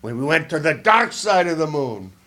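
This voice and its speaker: Improv comedy: a man doing a scheming old spy, wisecracking, slightly high, very lively pitch. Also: normal speed, heavily acted. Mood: sly. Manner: wisecracking, drawling, mock-confiding asides. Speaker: comedian in character.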